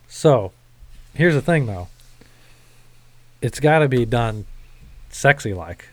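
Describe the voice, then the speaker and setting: A man's voice: medium pitch, expressive, slow pace, no echo. A man co-hosting a podcast, chatting casually, laughing and swearing a lot. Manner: laughing, profane, joking. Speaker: podcast co-host.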